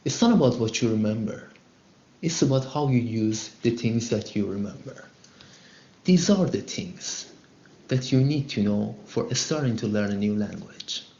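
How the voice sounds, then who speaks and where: A man's voice: fairly low pitch, lively intonation, measured pace, dark tone, muffled recording. Upbeat male English teacher, echoey room. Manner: upbeat, chatty, frequent fillers. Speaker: English teacher answering student calls. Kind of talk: live lesson and call-in Q&A.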